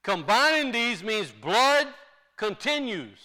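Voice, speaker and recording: Bright-voiced preacher man, slow and emphatic. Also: extremely high pitch, very animated. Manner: slow, deliberate teaching with emphatic rises. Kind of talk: sermon.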